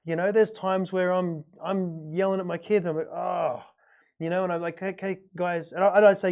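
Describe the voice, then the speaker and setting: A man's voice: high-pitched, steady tone, normal speed, gravelly. A middle-aged man from Australia telling a long personal story in a casual podcast chat, rambling and repeating himself. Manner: rambling, repeats words, warm anecdotal. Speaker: podcast host.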